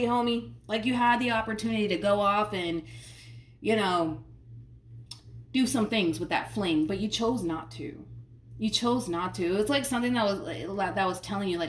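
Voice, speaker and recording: Excitable woman reading tarot, roomy sound. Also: mid-range voice, moderate pace. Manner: emphatic, repeats phrases, slangy and excitable. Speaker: tarot reader. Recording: roomy sound from a distant mic, faint noise.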